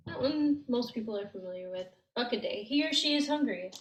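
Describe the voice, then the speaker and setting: A woman teaching a language lesson, explaining gently and step by step with frequent ums. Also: fairly high pitch, expressive, brisk, roomy sound, slight background noise, low-quality recording. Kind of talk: slow, patient language lesson.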